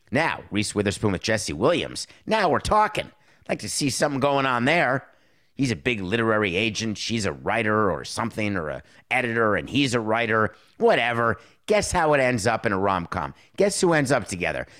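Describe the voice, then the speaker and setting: A middle-aged man hosts his own show in a loose, opinionated monologue. He is sarcastic and wisecracking, jumping from loud outbursts to low muttered asides. His pitch sits in a middle range for a man. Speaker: show host.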